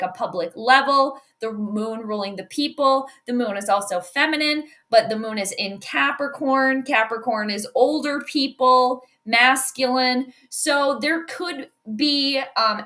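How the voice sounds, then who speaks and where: A woman's voice: fairly high pitch, bright, forceful tone. A woman hosting a casual sports astrology talk, rambling with many "um"s and "like"s. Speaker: host.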